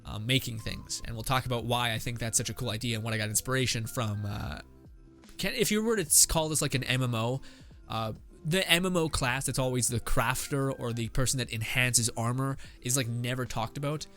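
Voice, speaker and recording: A podcast host with a medium-pitched, slightly bright voice talks fairly quickly as he invents a story on the spot. He rambles and thinks out loud, packing in fillers and swearing. Faint music plays in the background.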